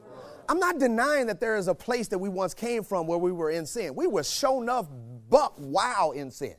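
A male pastor preaching a sermon, moving from quiet storytelling to shouted exhortation and repeating phrases for emphasis. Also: high voice, very animated, normal speed, dry recording. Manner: repeats phrases for emphasis, laughs between points.

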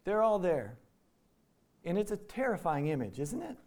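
A man's voice: high voice, very animated, normal speed, darkish tone. A man from Iowa preaching a sermon in a conversational way, acting out the quoted lines. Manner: conversational, acts out quotes in voices. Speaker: pastor.

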